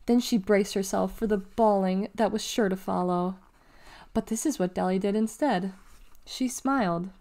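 A woman reading a children's novel aloud with measured, expressive storytelling. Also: medium pitch. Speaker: reader of children's books.

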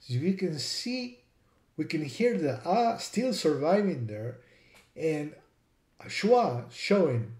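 A man's voice: on the high side, very animated, slow, darkish tone, echoey room. A man teaching a lesson, spelling out words and repeating sounds to demonstrate. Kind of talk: explanatory lesson.

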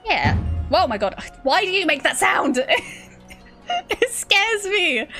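A woman's voice: high-pitched, sing-song, unhurried, bright, forceful tone. A woman streaming video games, chatting playfully, giggling often and letting out sudden shrieks. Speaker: game streamer. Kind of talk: live-streamed gameplay chat. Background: game music.

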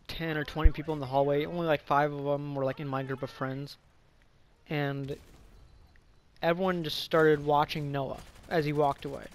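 A young man telling a casual story, rambling and profane with lots of fillers. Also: fairly high pitch.

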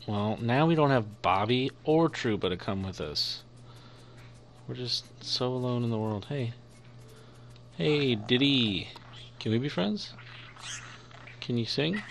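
A man's voice: medium pitch, expressive, slow pace, gravelly, pauses often, slight background noise. A young man giving playful let's-play commentary, chatting to the creatures on screen as he plays. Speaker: gaming YouTuber.

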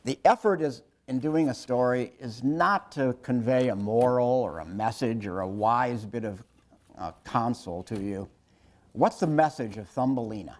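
A man in his sixties giving a public lecture told through stories, wry and self-deprecating, often halting and restarting his sentences. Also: mid-range voice. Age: 60s. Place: lecture hall with an audience.

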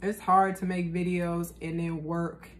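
A woman's voice: fairly low pitch, level tone, a little slow. A young woman chatting casually in a cooking vlog, slangy and talkative, tasting her food as she talks. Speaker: vlogger.

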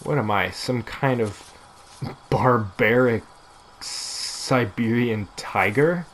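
A man commentating on his own gameplay in a casual, excitable, goofy way. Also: mid-range voice, a little hiss or hum. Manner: excitable and goofy, with quick bursts of exclamations. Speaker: gaming video host.

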